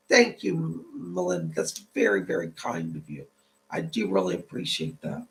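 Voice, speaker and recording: A man hosting a live-stream psychic reading, chatty and relaying spirit messages, his voice tight and gravelly from the cold. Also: a little high, wildly swooping pitch, moderate pace. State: voice tight and cracking from a cold house.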